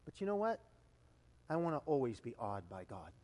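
A man preaching a sermon as a pastor, telling stories in an animated way that swings from loud exclamations to hushed low lines. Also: normal speed. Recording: long hall reverb.

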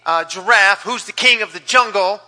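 Man putting on a loud bossy lion king, swaggering bully, bright piercing tone, long hall echo. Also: high voice, moderate pace. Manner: loud, brash demands.

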